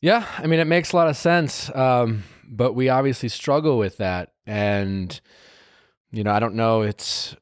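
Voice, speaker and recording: A man's voice: mid-range voice, unhurried, clear, resonant tone, dry recording, studio quality. A man hosting a podcast, asking thoughtful questions in a hesitant way, with many restarts. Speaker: podcast host. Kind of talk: casual interview questions.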